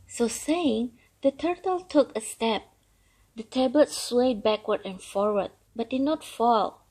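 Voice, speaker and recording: A woman storyteller reading a storybook aloud. Her voice sits a little high, and she keeps a slow, measured pace. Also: a little mellow, slightly rough, poor audio.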